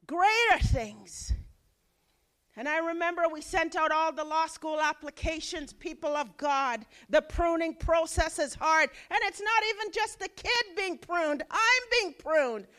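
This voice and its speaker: A woman in her forties preaching a sermon, telling a personal story with dramatic swings from loud exclaiming to hushed lines. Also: high voice.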